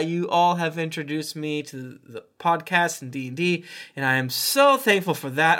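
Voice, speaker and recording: A podcast host, a man with a slightly high voice, reads listener reviews in a loose, casual way. He keeps breaking into chuckles and tossing in playful asides between lines. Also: a bit bright.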